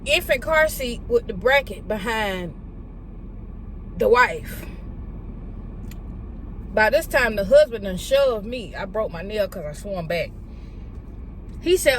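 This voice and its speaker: A woman telling a story to her viewers, retelling a confrontation in an animated, profane way with heated quoted dialogue. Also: fairly high pitch, slow, long pauses, a little hiss or hum. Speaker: vlogger. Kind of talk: storytime vlog.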